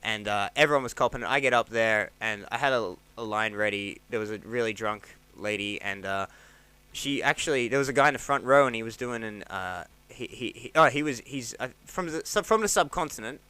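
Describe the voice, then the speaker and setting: An Australian stand-up comic in his 30s, guesting on a podcast, tells rambling stories in a casual chat, a little fast and very animated. He acts out quotes with sudden pitch jumps. The sound is crisp and dry from a close mic.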